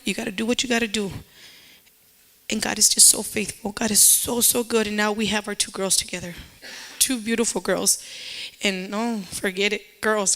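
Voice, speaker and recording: A woman's voice: medium pitch, a bit bright. Emotional woman giving church testimony. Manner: emotional, repetitive, with Spanish phrases. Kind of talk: personal testimony.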